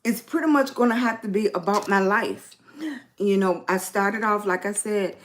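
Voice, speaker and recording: A middle-aged woman with a Virginian Southern accent, chatting casually on a livestream, greeting viewers by name and spelling them out. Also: medium pitch. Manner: slow, warm greetings to chat, spells out viewer names. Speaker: lifestyle livestreamer.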